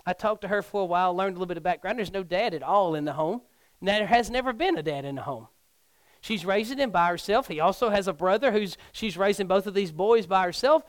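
A middle-aged man preaches a sermon as a youth pastor. His voice sits high, and he swings from hushed, nearly whispered lines to loud, near-shouted ones. The sound is dry and close, with no room echo. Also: lively intonation, quick pace.

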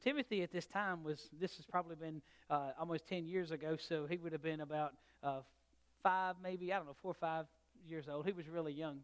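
A middle-aged man preaching a sermon, telling a story and swinging between loud and soft. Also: fairly high pitch, fairly even intonation, brisk, smooth. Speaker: pastor.

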